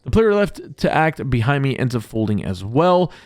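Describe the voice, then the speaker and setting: A man's voice: medium pitch, very animated, moderate pace, a little mellow, no room sound. A man narrating his poker hands as a vlog voice-over, upbeat and jokey in a play-by-play way. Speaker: poker vlogger. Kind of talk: voice-over hand recap.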